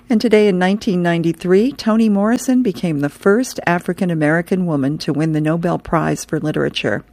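A chatty woman radio host with a somewhat low voice reads comic strips aloud and then runs through the day's history notes. She laughs lightly between jokes. The sound is close and dry, with no room around it. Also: a little mellow, no room sound. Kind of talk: reading comics and today in history on air.

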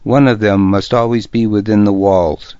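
A man's voice: lowish voice, steady tone, normal speed, dark tone, clear, resonant tone, dry recording, natural voice. A man reading the part of a proud, bitter noblewoman and mother, delivering her lines sharply and defiantly, in an audiobook. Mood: scornful. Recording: dull lo-fi recording.

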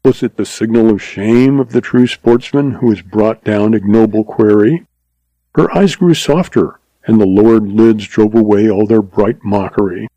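Mellow-voiced male story narrator. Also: lowish voice, dry recording, rough recording. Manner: measured, expressive storytelling.

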